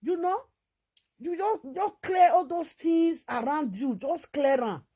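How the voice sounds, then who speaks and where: A woman with a Nigerian Pidgin accent, talking in an animated, laughing vlog commentary. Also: high voice, unhurried. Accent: Nigerian Pidgin English. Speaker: vlogger.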